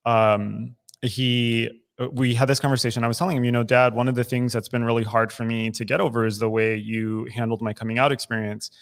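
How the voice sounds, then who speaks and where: With a flat, mid-range voice, a man in his thirties talks a little fast with hardly any pauses as he co-hosts a casual recovery podcast in a recovery club room. He's open and emotional, restarting sentences often.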